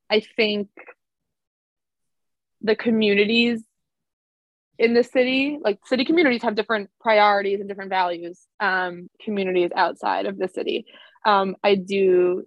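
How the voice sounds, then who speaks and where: A woman in her twenties speaks casually as a podcast guest, filling her thoughts with "um" and "like". Her voice sits at an ordinary middle pitch. The sound is dry and close, with no room around it. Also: moderate pace, dry recording, dull audio. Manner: chatty, many fillers like "um" and "like". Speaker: elementary school teacher, podcast guest.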